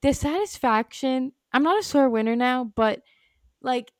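A young woman in her twenties chats about sports on a podcast, her voice a little high and sitting close on a dry, deadened microphone. She talks loosely and laughs easily, stacking "like" between thoughts. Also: measured pace, no room sound. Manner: chatty, laughing, filler-heavy with many likes. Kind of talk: casual sports chat. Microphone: studio microphone.

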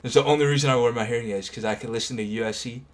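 A man's voice: medium pitch, racing. A man in his twenties co-hosting a podcast in casual chat, rambling into tangents and laughing between stories. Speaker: podcast co-host.

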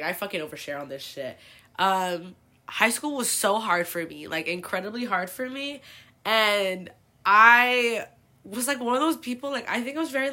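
A woman's voice: medium pitch, bright, forceful tone. A woman in her twenties from California, telling personal stories in a casual, profane, oversharing way as a podcast host. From El Sobrante, California. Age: 20s. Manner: chatty, profane, oversharing, filler-heavy. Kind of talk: casual confessional storytelling.

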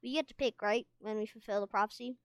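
A woman's voice: a little high, fast talker, clean tone, no echo, lightly acted. A woman reading as a small, eager young dragon girl. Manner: eager, timid.

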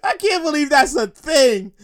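A high-voiced woman hosts a solo comedy show and rants with big, bouncing swings in pitch. She is loud and profane, breaks into laughter and shouts her outrage at the listener. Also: big pitch swings, moderate pace. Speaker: host. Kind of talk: comedic solo podcast rant.

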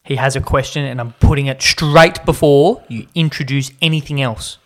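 A man's voice: medium pitch, normal speed, fairly bright tone. A man co-hosting a podcast, needling his friend with mock-serious questions. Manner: teasing, mock-serious interviewer. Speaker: podcast co-host. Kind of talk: casual chat.

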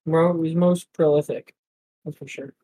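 A young man co-hosting a podcast, dropping short deadpan one-liners in casual chat. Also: fairly high pitch, unhurried, rough recording. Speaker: podcast co-host.

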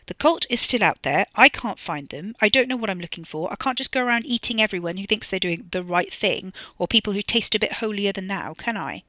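A narrator voicing a forceful, bossy young woman in an audiobook, speaking loudly and emphatically. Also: expressive, fairly quick, few pauses, no room sound. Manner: loud and emphatic, raised pitch. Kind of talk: audiobook character voice.

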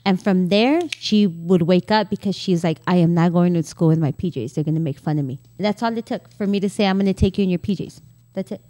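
A woman's voice: fairly low pitch, fast talker, dark tone, no echo. A middle-aged woman co-hosting a casual podcast chat, telling blunt stories with quoted asides. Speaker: podcast co-host.

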